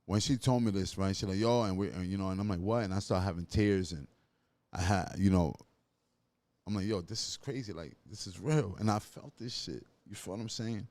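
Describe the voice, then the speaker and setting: A man's voice: low-pitched, fairly quick, a little mellow, dry recording. A man, a podcast guest telling his life story earnestly, in street slang and with many restarts. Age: 30s. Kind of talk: emotional storytelling.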